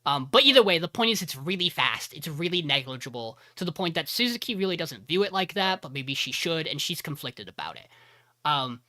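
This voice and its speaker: A man co-hosting a podcast, retelling an anime episode in a rambling, animated way with many fillers. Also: on the high side, fairly quick. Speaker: podcast co-host. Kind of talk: casual anime recap.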